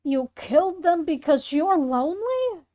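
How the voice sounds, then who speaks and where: A woman's voice: very high-pitched, very animated, measured pace, warm tone, voice pushed up, full character voice. A woman voicing a frightened young victim confronting a killer, in a shocked, pleading voice while reading a fan story aloud. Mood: alarmed.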